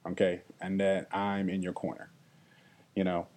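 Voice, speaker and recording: A man's voice: deep voice, completely flat delivery, unhurried, darkish tone. A young man hosting a podcast, talking earnestly and reflectively to listeners, often checking in with "okay?" and at times getting emotional. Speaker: podcast host. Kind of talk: reflective solo podcast talk.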